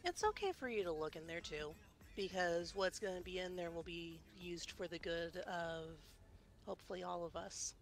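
A woman taking part in a game roleplay, speaking kindly and reassuringly. Her voice sits fairly low. Faint music plays behind her. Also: animated, normal speed. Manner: kind and reassuring. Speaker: fellow roleplayer. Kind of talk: in-character roleplay chat.

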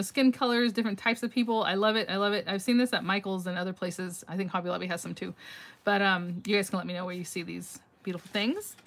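A middle-aged woman with a medium-pitched, slightly bright voice hosts a casual live craft-mail reveal on her phone. She chats and gushes, thinks out loud and laughs often while answering viewer comments, with a little hiss or hum in the audio.

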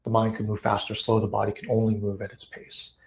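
A man's voice: lowish voice, brisk, vocal fry. Easygoing man musing on a folk tale. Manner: relaxed, frequent fillers, acts out quoted voices with laughs. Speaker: host. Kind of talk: reflective talk on a folk tale. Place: online live session.

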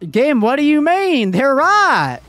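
Streamer doing a raised-voice conspiracy ranter, overblown alarm, close and dry. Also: male voice, very high-pitched, very animated, slow, no room sound, faint music behind, pitched above the performer's own voice, full character voice. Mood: mock outrage. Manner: loud, exaggerated mock outrage. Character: ranting male conspiracy-theorist, gullible and alarmed.

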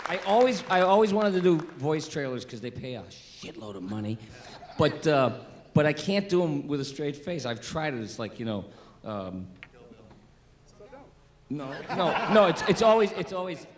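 A man's voice: fairly high pitch, expressive, unhurried, a faint crowd, slight background noise. A man on a voice acting panel joking about trailer clichés and mimicking them. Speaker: voice actor panelist. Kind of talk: comedic panel talk.

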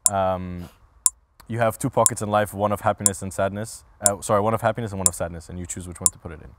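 Laid-back low-voiced male comedian. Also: steady tone, fast talker, slight background noise. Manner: laid-back, hesitant with frequent ums. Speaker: comedian guest. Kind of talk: casual interview answers.

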